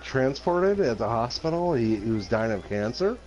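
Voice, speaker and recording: A man's voice: medium pitch, big pitch swings, moderate pace, darkish tone, lo-fi sound. A man telling family stories in a rambling, casual way while co-hosting a game stream. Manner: rambling anecdotal storyteller. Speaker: streamer co-host. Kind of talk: casual gaming-stream chat. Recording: noisy stream mic.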